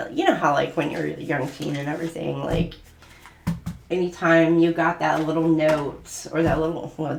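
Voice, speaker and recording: A woman's voice: on the low side, creaky, roomy sound, noisy background. A woman giving a casual tarot reading, gushing and giggling, with lots of fillers as she talks. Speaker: tarot reader.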